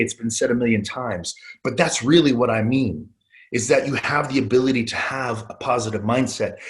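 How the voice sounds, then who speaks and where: A middle-aged man giving a sales training talk, earnest and motivational, repeating his key phrases. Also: lowish voice.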